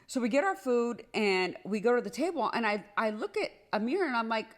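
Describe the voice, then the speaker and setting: A woman telling a personal story in a casual storytime monologue, animated and rushed, often restarting and filling with "like". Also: on the high side. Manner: animated, rushed, repeats herself with many "like"s.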